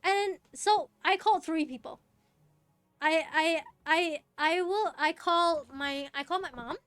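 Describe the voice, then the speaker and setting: A woman's voice: very high-pitched, slow pace, a bit bright, dry recording. A young woman streaming, chatting casually and rambling with lots of fillers, restarts and laughs. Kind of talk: casual chat while gaming.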